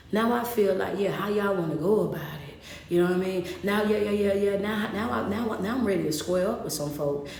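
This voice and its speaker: A woman preaches through a Bible story in loose, everyday speech and slips into the first person to act it out. Her voice sits at a middle pitch and sounds set back from the mic in a roomy, echoing space. A faint hiss of background noise runs underneath. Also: a little mellow, distant mic. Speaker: motivational speaker.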